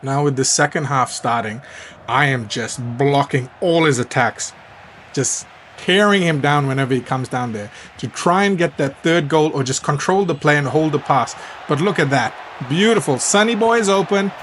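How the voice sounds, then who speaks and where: A man giving an animated voice-over commentary on his own football video game match, breaking into excited shouts at the big plays. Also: medium pitch, normal speed, slight background noise. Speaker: gaming YouTuber.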